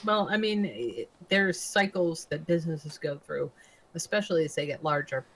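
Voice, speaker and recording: Woman host with a lowish voice; sarcastic and blunt, reads the news and chats. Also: moderate pace, a bit bright, slightly rough, low-quality recording. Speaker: show host. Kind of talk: talk radio chat and news reading.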